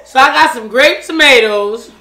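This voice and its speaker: A middle-aged woman hosts a casual home cooking demonstration in her kitchen, talking loudly and trading profane, joking banter with her family. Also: high-pitched, moderate pace. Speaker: home cooking show host. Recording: echoey kitchen, loud background noise.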